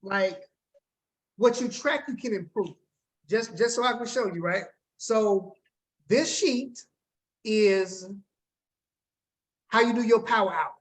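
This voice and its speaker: A man's voice: high voice, slow, long pauses. Upbeat slangy man coaching a group call. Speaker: business coach leading a team call.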